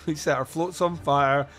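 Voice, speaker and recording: A man hosts a podcast in a casual, chatty review, retelling film scenes with bursts of laughter and quick put-on voices. His voice sits fairly high for a man. Faint music plays behind him. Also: fairly even intonation. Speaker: podcast host.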